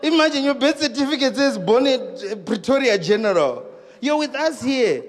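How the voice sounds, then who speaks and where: A man with a South African accent doing live stand-up comedy on stage, telling stories in an animated, exclamatory way. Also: very high voice, normal speed. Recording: long hall reverb.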